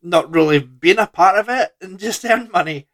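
A man's voice: high voice, normal speed, a bit bright. A man co-hosting a podcast, chatting casually about a film in a loose, laid-back way with trailing sentences. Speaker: podcast co-host.

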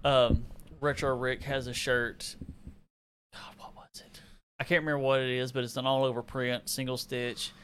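A man from Arkansas with a Southern accent, chatting as a podcast guest in a relaxed, rambling, self-deprecating way. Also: mid-range voice, normal speed, a little hiss or hum. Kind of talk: casual chat.

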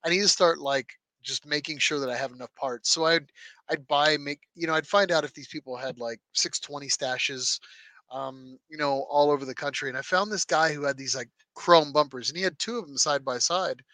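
A man co-hosting a casual car podcast, telling long animated stories with lots of fillers and restarts. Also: on the high side, brisk, no room sound. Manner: rambling, animated storyteller with many fillers. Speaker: podcast co-host. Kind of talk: casual chat.

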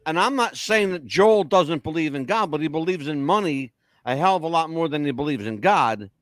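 Blunt, profane man with a lively voice. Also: a little high, brisk, no room sound. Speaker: podcast host. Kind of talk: casual chat.

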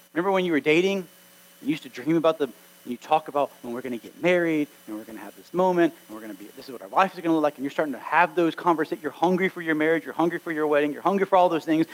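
High-voiced man preaching a sermon. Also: low-quality recording. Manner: earnest, exhorting, acts out quoted dialogue. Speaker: pastor.

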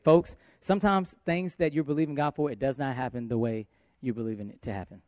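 Preaching man, warm dry voice. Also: medium pitch, fast, few pauses, no room sound. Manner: emphatic preaching with shifting loudness. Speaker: worship pastor. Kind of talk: sermon.

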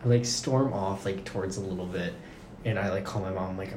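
A man's voice: on the low side, lively intonation, a little fast, dark tone. A young man telling a long story in casual chat, rambling and saying "like" constantly. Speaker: podcast guest recounting a story. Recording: roomy room with faint noise.

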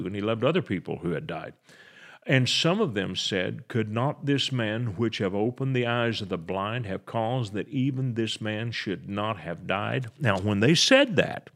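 Older guy preaching, lowish voice, reads the verses then breaks them down, stumbles and restarts a bit. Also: gravelly. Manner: earnest, reads scripture aloud then explains it plainly. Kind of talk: sermon.

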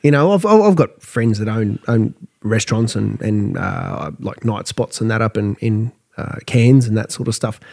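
A man's voice: fairly low pitch, big pitch swings, normal speed, vocal fry. A tired, tipsy Australian man in his thirties, co-hosting a crude, casual pub chat. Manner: blunt, swearing, laughs loudly at his own jokes. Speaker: podcast co-host.

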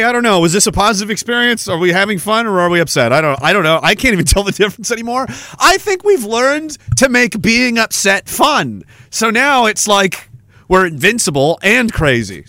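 A man's voice: high-pitched, sing-song, normal speed, pushed and bright, no room sound. A man hosting a casual live-stream podcast, rambling and joking as he reads viewer messages, laughing often.

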